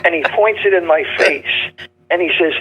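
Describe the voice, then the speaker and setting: An older man telling comedy stories in a punchy, joke-driven way, acting out gruff characters. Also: on the high side, moderate pace, noisy background. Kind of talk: casual storytelling interview.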